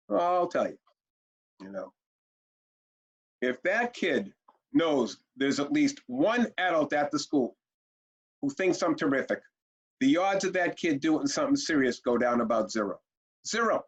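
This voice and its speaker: A man's voice: fairly high pitch, very animated, a little slow, pauses often, husky, dull audio. A man presenting a parenting webinar, telling stories energetically with rhetorical questions and repeated words for emphasis. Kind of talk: energetic storytelling lecture.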